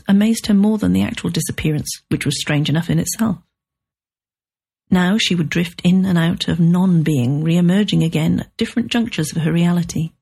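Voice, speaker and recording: A woman with a low, husky voice reads a literary novel aloud. Her storytelling is measured and steady, with a slightly breathy texture. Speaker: narrator. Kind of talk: scripted audiobook narration.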